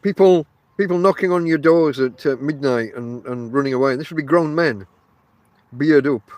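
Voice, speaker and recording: Speaking at a moderate pace, a man with a slightly high, darkish voice hosts a rambling podcast monologue from a tent, in a dry recording. He's from Barnsley with a Northern English accent, chats directly to his listeners, and fills his talk with fillers.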